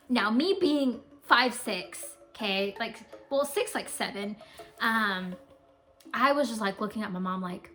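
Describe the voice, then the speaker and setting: A woman's voice: fairly high pitch, measured pace, soft background music. A young woman casually telling a spooky family story, rambling with lots of fillers. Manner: rambling, filler-heavy, animated. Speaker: co-host.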